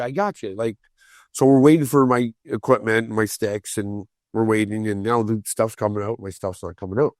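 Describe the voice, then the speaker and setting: Animated man telling a story. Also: medium pitch, no echo, studio quality. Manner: animated, acts out quoted voices, repeats words when excited. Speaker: guest storyteller. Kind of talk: casual podcast storytelling.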